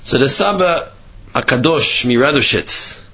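Man, Torah sermon, animated storytelling, husky voice, dull lo-fi sound. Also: measured pace. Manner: animated storytelling, rising in pitch for emphasis. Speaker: religious teacher.

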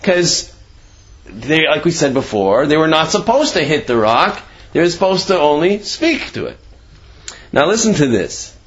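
A man leads a Torah class, explaining commentary in a loose, conversational way. His slightly high voice swoops widely as he acts out the people he quotes. The recording sounds dull and lo-fi. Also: a little slow. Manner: animated, acts out quoted speech with shifting voice; conversational, many "you know" asides and restarts. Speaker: Torah teacher.

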